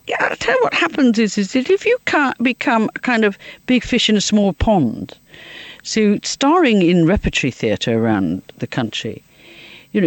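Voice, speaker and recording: A woman's voice: on the low side, no echo. A woman from Liverpool, a guest in an interview, telling comic anecdotes and laughing often as she talks. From Liverpool, England. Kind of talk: anecdotal storytelling.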